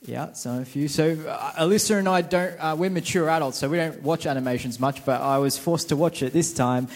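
A man's voice: a little high, a little fast. A young man giving a casual, joking sermon to a church congregation and quizzing the crowd. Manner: chatty, self-mocking, quizzes the crowd. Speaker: preacher. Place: church service before a congregation.

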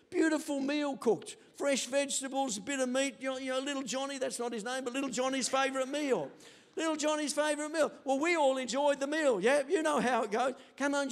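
An older man preaching a sermon as pastor, telling stories animatedly and acting out quotes. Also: extremely high pitch. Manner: animated storytelling with acted quotes.

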